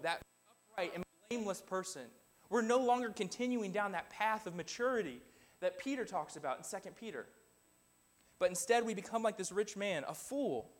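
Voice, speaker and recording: A man preaching an earnest sermon in a church, reading scripture aloud and exhorting the congregation. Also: high voice. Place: church building.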